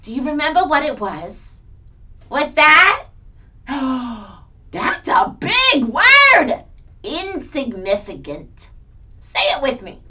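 A cheerful, playful grandmother, played by a woman, hosts a children's feelings segment in a high, swooping voice. She speaks slowly and exclaims often. The recording is distant and dull. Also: exaggerated voice. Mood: bubbly. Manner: bubbly, animated, exclamatory. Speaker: segment host. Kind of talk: children's educational show acting.

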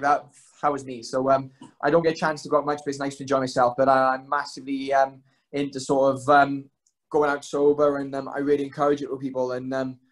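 A man's voice: on the high side, rough recording. A young man, a guest telling stories in a loose, rambling way full of fillers. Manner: rapid rambling delivery full of "um" and "like". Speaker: guest, pro fighter. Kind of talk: casual storytelling chat.

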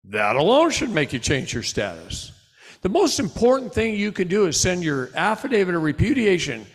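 Animated man lecturing in a big hall. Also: normal speed. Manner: animated preaching delivery, swinging from loud bursts to low asides. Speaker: seminar speaker. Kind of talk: live seminar lecture. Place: large hall before a live audience. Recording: long hall reverb.

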